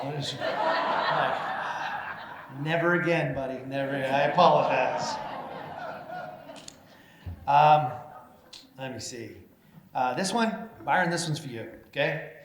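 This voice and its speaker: Man telling funny stories in a roomy hall. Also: a little high. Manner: self-deprecating, acts out voices in his anecdotes, many fillers. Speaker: mayor giving an award speech. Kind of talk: humorous storytelling speech. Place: banquet hall at a chamber of commerce meeting. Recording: roomy hall with faint noise.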